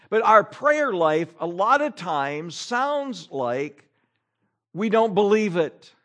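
Lively preaching man, pastor. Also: a little high. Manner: animated preaching with rhetorical questions and repetition. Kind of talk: sermon. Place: church.

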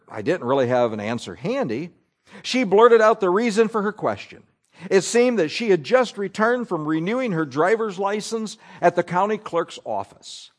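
High-pitched guy preaching, reads scripture and a story out loud slow and careful, tosses in little asides. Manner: reads aloud deliberately, with asides to the congregation. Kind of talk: sermon, reading scripture and an article aloud.

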